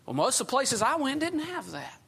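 A man's voice: very high-pitched, big pitch swings, fairly quick, creaky, pushed and bright, slightly rough. A man preaching a sermon in a folksy storytelling way, often chuckling as he talks.

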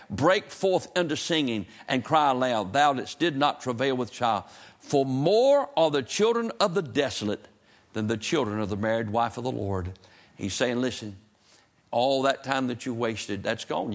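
A preacher man delivering a fervent, folksy sermon. His voice has a gravelly, creaky edge at a middle pitch, and he leans into emphatic passages. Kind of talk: sermon with storytelling.

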